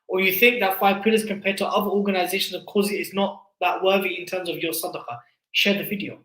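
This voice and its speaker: A man's voice: high-pitched, fairly even intonation, fast talker, fairly bright tone, reverberant, low-quality recording. A man hosting a charity fundraising livestream, pleading with viewers in an impassioned, preacher-like way. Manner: impassioned preaching appeal, building in force.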